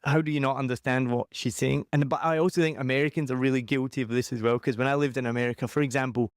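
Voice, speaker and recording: A man's voice: mid-range voice, steady tone, fast, hardly any pauses, no room sound, studio quality. A man with a Scottish accent hosting a podcast interview, chatty and jokey with self-mocking asides. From Scotland. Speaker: podcast host. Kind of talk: casual interview chat.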